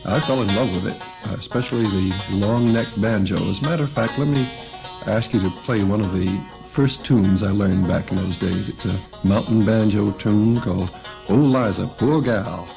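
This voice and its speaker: A man's voice: on the low side, moderate pace, vocal fry, over music. A man being interviewed as a folk musician in a radio studio, telling stories in a folksy way and acting out quoted voices. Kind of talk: relaxed storytelling radio interview. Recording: muffled old radio recording.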